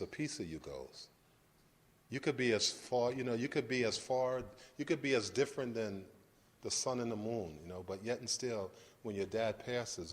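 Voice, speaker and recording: A middle-aged man giving an informal university lecture to an audience, talking conversationally with frequent restarts and checks for understanding. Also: mid-range voice. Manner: conversational, repeats and restarts, asks "does that make sense". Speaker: guest lecturer.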